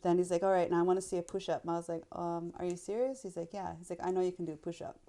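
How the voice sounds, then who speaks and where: A woman guest on a podcast, casually retelling a story in a blunt, animated way with some swearing. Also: fairly low pitch, racing.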